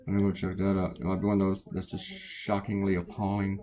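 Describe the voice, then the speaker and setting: A man's voice: deep voice, monotone, fairly quick, mellow. A tired man from the United States, a cartoonist chatting casually and rambling off topic while he draws. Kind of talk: casual chat while drawing.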